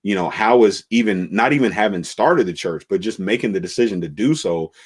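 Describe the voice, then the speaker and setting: A man, a pastor, telling the story of his church's beginnings in a relaxed conversational way, with many fillers and restarts. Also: fairly low pitch, a little fast, breathy edge.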